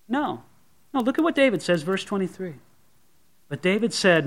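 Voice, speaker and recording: A male pastor preaching a sermon, telling the story in an animated way and speaking straight to his congregation. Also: high-pitched, normal speed, pauses often. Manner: animated storytelling, addresses the listener directly.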